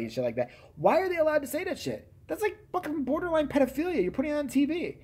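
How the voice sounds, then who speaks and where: A man hosting a live stream, ranting casually and profanely, jumping from loud outbursts to muttered asides. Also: extremely high pitch, wildly swooping pitch, fast, hardly any pauses, slightly rough.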